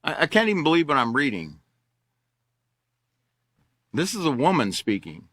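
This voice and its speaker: An older man leads a class, reading articles aloud and mocking them with heavy sarcasm. His voice sits fairly high and bright, and the recording is close and dry with no room sound. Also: wildly swooping pitch, normal speed, long pauses, dry recording. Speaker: class teacher. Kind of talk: sarcastic teaching commentary.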